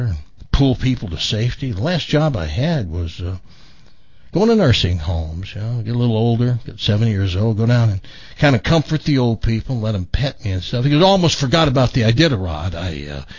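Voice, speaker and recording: A man's voice: mid-range voice, darkish tone, husky, no room sound. A man voicing a boastful older male talking German Shepherd who rambles matter-of-factly about his career. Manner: matter-of-fact, rambling storyteller brag. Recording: dull dry studio sound.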